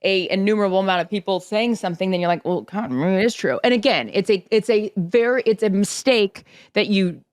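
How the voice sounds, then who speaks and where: A woman's voice: medium pitch, a little fast, hardly any pauses, clear, resonant tone, no echo, studio quality. A woman co-hosting a podcast, reassuring her friend in supportive, rambling casual chat. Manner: reassuring, supportive, talks in run-on thoughts. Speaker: podcast co-host.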